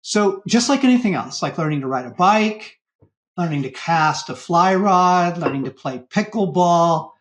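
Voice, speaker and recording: Man, middle-aged, earnest guest, slightly high pitch, conversational. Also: measured pace. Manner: earnest, animated when quoting inner voices. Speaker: guest author. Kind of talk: conversational podcast interview.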